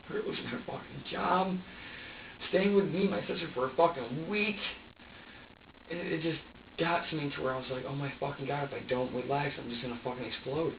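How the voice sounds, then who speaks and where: A man's voice: on the high side, distant mic. An agitated young man stammers and swears through an emotional confession in a police interview room. He sounds set back from the microphone in a roomy space, and the recording is dull with a faint hiss underneath. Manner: agitated, profane, stammering and repeating himself. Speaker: suspect under police questioning.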